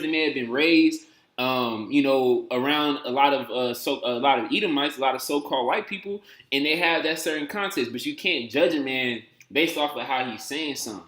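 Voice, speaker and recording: Male reaction host, emphatic casual delivery, bright tone, roomy echo. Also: medium pitch, normal speed. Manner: conversational, emphatic, streetwise slang. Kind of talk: casual commentary.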